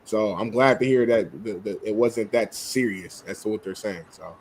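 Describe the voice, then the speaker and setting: A man co-hosting a sports talk show, giving a relaxed, rambling opinion full of hedges. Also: fairly low pitch, moderate pace, a little hiss or hum, low-quality recording. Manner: laid-back, rambling, hedging with fillers.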